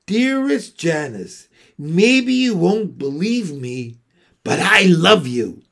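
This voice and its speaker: A man's voice: high-pitched, sing-song, takes it slowly, creaky, fairly bright tone, voice pushed up, heavily acted. A man reading aloud voices a bold, inventive young girl who dictates with eager emphasis. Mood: bossy, eager.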